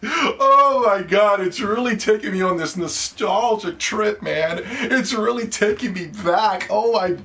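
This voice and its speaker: A man's voice: sits high, unhurried, sharp tone, voice pushed up, full character voice. A man mocking a gushing nostalgic fanboy. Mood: mock swooning. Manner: sarcastic, swooning.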